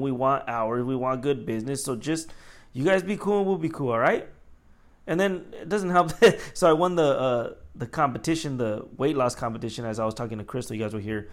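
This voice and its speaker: A young adult man, a store manager, casually telling work stories in an animated way, acting out the people he quotes with a raised voice and swearing freely. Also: medium pitch. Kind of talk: casual storytelling vlog.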